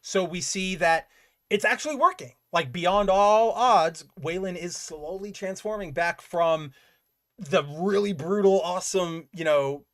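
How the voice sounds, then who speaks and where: Animated man with a raised voice. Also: high-pitched, unhurried. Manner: animated, heavy on "like" fillers, swears freely. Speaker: comic book podcast host. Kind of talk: casual recap chat.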